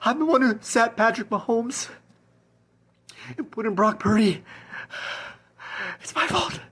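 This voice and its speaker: A woman's voice: on the high side, animated, measured pace, a bit bright, breathy edge, full character voice. A woman playing a distraught fantasy football manager in a comedy skit, sobbing, whispering and panicking. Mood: tearful, guilty. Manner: sobbing, whispering, swinging between panic and despair.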